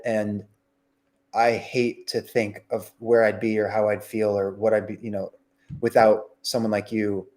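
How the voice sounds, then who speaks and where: A man's voice: fairly low pitch, a little mellow. A man as an interview guest, speaking plainly and from the heart. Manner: heartfelt, plain-spoken, with fillers. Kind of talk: candid conversation.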